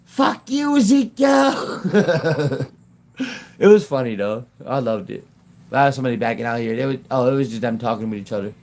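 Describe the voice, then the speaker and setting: Man, casual livestream chat, phone mic, rambling, halting, laughs a lot, mid-pitched voice. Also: fairly even intonation, a little mellow. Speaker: YouTube livestreamer.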